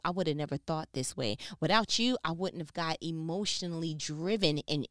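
A woman preaches a sermon with a low, smooth, resonant voice, talking to her listeners as if in conversation. She swings from hushed asides to loud, excited bursts. The sound is dry and close. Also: no room sound.

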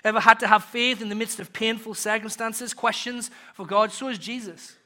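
A British man preaching a sermon to his congregation. He asks rhetorical questions and swings from loud to soft. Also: high voice, fairly even intonation, moderate pace. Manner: rhetorical questions, builds and drops in volume. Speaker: pastor.

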